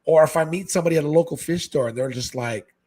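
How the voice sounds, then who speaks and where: A man from Hawaii, a guest on a casual podcast chat, talking excitably and saying "man" constantly. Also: fast. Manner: excitable, says "man" constantly, jumps into high animated quoted voices. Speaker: guest, fish-keeping content creator.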